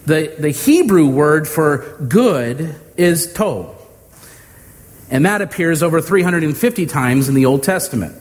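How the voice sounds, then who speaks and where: A man preaching a sermon to his congregation, measured and emphatic, with homey humor and deliberate pauses. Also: on the high side. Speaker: pastor. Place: church sanctuary. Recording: long hall reverb.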